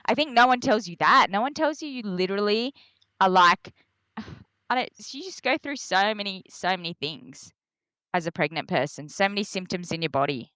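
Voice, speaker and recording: A young Australian woman tells her stories as a podcast guest, slipping into high, animated voices when she quotes herself. Her tone is bright and forceful, recorded close and dry. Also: normal speed, no echo. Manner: animated, acts out her own past lines in a high voice. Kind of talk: candid conversational storytelling.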